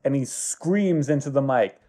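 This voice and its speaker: Slow, halting man spinning a story. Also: mid-range voice, animated, mellow, soft background music. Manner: slow, halting narration with many pauses. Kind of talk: improvised comedic storytelling.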